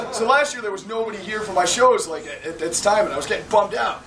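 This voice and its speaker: This man's voice sits high and sounds animated at a normal speed as he does his live whip-cracking act. Before an audience in a large hall, he rambles through comedic patter and teases the crowd with jokes, captured in an echoey, distant recording with crowd noise audible.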